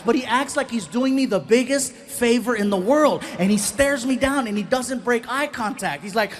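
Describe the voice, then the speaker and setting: A man's voice: extremely high pitch, moderate pace, hardly any pauses, noisy background. A middle-aged man doing stand-up, telling stories and acting out voices and sound effects as he goes. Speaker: stand-up comedian. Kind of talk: stand-up storytelling. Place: live comedy stage.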